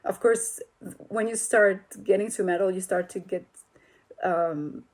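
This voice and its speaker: A woman's voice: mid-range voice, a little slow, a little mellow. A woman singer as an interview guest, chatting casually and telling stories animatedly, with many restarts and laughs. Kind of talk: casual video-call interview.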